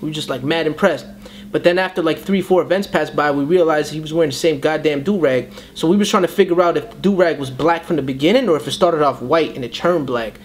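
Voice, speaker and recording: A man's voice: fairly high pitch, fast, slight background noise. A young man telling a story in a casual interview. He tells it animatedly and slips into voices for the people he quotes. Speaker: battle rapper.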